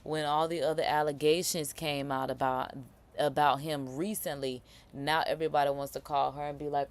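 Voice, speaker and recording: Low voiced woman going off on a clip, emphatic reaction stream host. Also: flat delivery, moderate pace. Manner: emphatic, talks back at the clip. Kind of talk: casual reaction commentary.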